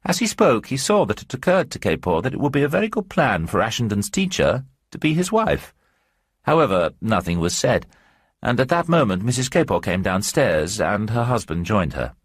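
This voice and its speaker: A man reads a short story aloud at a measured storytelling pace. His low voice is a touch husky. It rises and falls expressively and sounds dry and close to the mic. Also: sing-song, no room sound. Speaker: narrator. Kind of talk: scripted narration of a short story.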